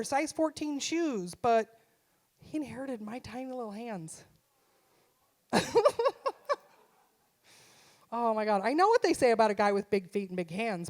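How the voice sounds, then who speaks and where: Brash mom doing stand-up on stage. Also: female voice, a little high, darkish tone. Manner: punchy, self-deprecating, acts out her son's voice. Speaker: stand-up comedian. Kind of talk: stand-up comedy set. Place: live on stage in a theater.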